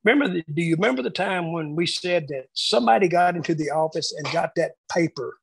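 A man reminiscing casually about his years booking shows, telling lively anecdotes and acting out the quotes. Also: fairly high pitch, fast, gravelly, breathy edge, no echo, low-quality recording. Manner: animated storyteller acting out quotes. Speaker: wrestling booker telling stories.

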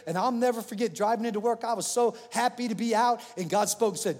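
A man preaching with a high voice that climbs even higher on his loudest lines, then drops to a near hush. His delivery is animated and personal. Long reverb trails behind him in a large hall. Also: fast talker, few pauses. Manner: animated, swings from loud to hushed. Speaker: pastor. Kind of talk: sermon.

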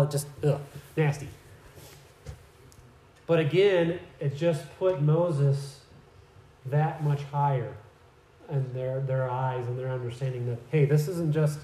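A pastor delivers a sermon in an easy, chatty storytelling way, full of asides. His voice sits a little high for a man. The church room around him is noticeably echoey. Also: warm tone.

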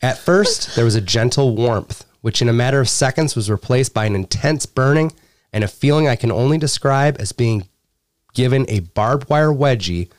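Lively man reading reviews, laughing. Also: mid-range voice, normal speed. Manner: laughs often while reading, crude humor. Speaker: podcast host. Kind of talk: casual chat, reading reviews aloud.

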